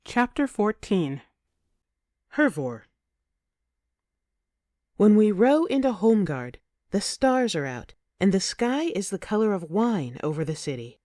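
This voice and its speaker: A woman narrating an audiobook in the first person with expressive, emotive storytelling. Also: mid-range voice, slow pace, long pauses, dry recording, studio quality.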